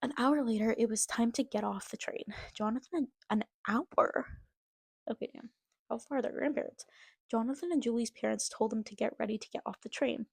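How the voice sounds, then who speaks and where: Young woman reading her old stories out loud, slightly high gravelly voice, poking fun at herself. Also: a little fast, no echo. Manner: amused, self-mocking commentary. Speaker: vlogger. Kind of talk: reading aloud and reacting.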